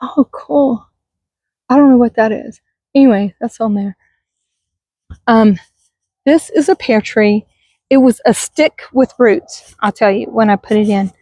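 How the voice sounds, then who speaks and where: High-voiced middle-aged woman, chatty and wistful. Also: measured pace, long pauses, warm tone, no room sound. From Texas. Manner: rambling, wistful, chatty with viewers. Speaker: vlogger. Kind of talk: casual garden tour vlog. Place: outdoors in a yard by a busy street. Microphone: handheld camera.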